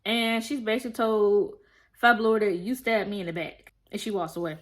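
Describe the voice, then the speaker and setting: A woman's voice: medium pitch, fairly even intonation, a little fast. Chatty young woman recapping a show. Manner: chatty storytelling, acts out quoted lines, talks straight to viewers. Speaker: TV review vlogger. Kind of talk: casual episode recap.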